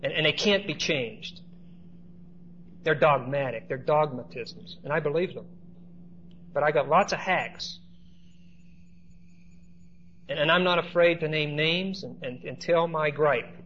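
Pastor, male, chatty storytelling preacher; a touch high-pitched, muffled old church tape. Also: a little slow, pauses often, a bit bright, a little hiss or hum. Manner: conversational storytelling with asides to the congregation. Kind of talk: sermon.

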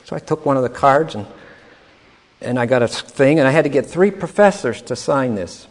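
A man's voice: mid-range voice, brisk. Older man rambling through a story, hall echo. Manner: rambling, chuckling, repeats words. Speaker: speaker telling his life story. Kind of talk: anecdotal storytelling talk.

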